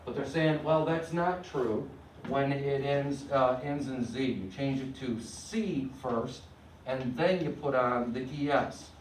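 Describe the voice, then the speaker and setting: A man's voice: mid-range voice, slow, slight background noise. Man teaching from across an echoey room. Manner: explaining step by step, frequent checks for understanding. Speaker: Spanish teacher. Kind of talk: classroom lecture. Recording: echoey room, mic at a distance.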